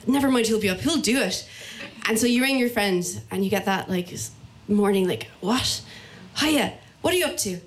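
A woman with an Irish accent telling a personal story, lively and acting out the people she quotes. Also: medium pitch, moderate pace. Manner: lively, acts out other voices in quotes. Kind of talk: personal story told to an audience.

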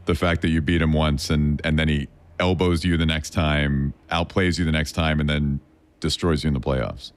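A man conducting a conversational interview, asking questions and reacting in an animated way. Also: extremely low pitch, normal speed.

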